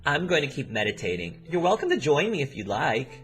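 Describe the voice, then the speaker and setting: Guy doing a high bubbly hippie girl voice, sing-songy, all over the place pitch-wise. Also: very animated, fairly quick, fairly bright tone, faint music behind. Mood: cheerful. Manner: airy, bubbly, sing-song. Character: cheerful spiritual young woman neighbor.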